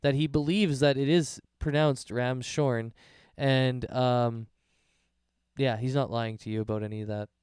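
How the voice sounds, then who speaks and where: A man's voice: medium pitch, fairly even intonation, normal speed, darkish tone, smooth, no echo, clean studio sound. A man running a tabletop game as game master, explaining rules and narrating in an easygoing way.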